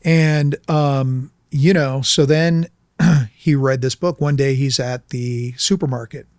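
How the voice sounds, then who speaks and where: A man in an interview, telling a story loosely and with energy and slipping into the voices of the people in it. His pitch sits in the middle, and the dry recording keeps him close and clear. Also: slow, no room sound. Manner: animated, acts out voices in anecdotes. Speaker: documentary filmmaker guest. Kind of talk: casual storytelling.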